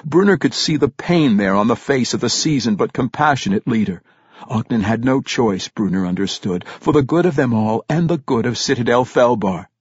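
A husky male narrator reading a fantasy audiobook, his pitch rising and falling dramatically through every sentence. The recording is close and dry with a slightly dull, lo-fi tone. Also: lively intonation, moderate pace, dry recording.

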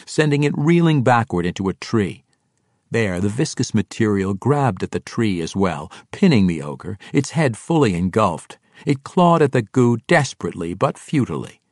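Man, audiobook narrator, dramatic storytelling, low voice, animated pitch. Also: no room sound, clean studio sound. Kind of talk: scripted fantasy narration.

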